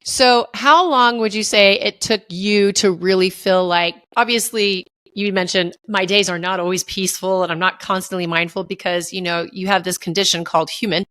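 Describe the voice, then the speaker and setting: Chatty podcast host lady, bright voice, dry close recording. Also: medium pitch, steady tone, normal speed, few pauses, no room sound. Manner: chatty and relatable, tells personal parenting stories. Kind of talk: casual interview chat.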